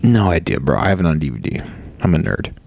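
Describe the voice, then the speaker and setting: A man co-hosting a podcast in casual chat, animated and quick to laugh. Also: very deep voice, vocal fry. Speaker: podcast co-host.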